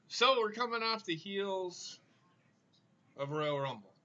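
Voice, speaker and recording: A man hosting a wrestling stream, ranting angrily with lots of swearing while trying not to yell. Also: high-pitched, animated, takes it slowly, lo-fi sound. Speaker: wrestling show host. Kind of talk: angry live stream rant.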